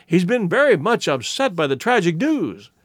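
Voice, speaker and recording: A wary, deferential male secretary, as a man reads his part. He sounds polite and careful, pitched higher than the narrator with a lively lilt. The recording is close and dry. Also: normal speed, husky, no room sound, heavily acted. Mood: polite, evasive.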